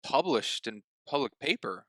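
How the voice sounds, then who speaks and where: A man's voice: medium pitch, animated, normal speed, bright, forceful tone, no room sound. A man co-hosting a casual film review chat, easygoing and teasing. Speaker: podcast co-host.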